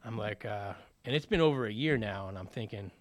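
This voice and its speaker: A man's voice: fairly low pitch, lively intonation, fairly quick. A man telling his personal recovery story in a conversational way, with many fillers and acted-out bits of dialogue. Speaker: speaker sharing a recovery story.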